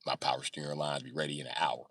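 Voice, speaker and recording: A man's voice: a bass voice, level tone, fast talker, fairly bright tone, no room sound. A man telling profane stories casually on a live stream, acting out sounds and voices. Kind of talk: casual storytelling.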